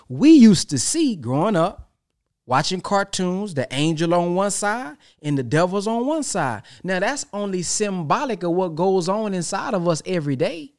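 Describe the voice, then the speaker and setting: A man preaches in a loose, conversational way, full of everyday examples and rhetorical questions. His voice sits slightly high for a man, and he leans hard on key words. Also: big pitch swings, normal speed. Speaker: podcast host giving a spiritual talk. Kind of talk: spiritual talk, casual preaching.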